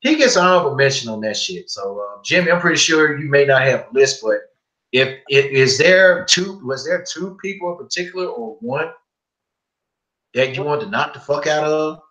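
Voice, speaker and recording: Profane, animated podcast host in an echoey room. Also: male voice, fairly high pitch, moderate pace. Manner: profane, animated storytelling with quoted dialogue. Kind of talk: casual podcast storytelling.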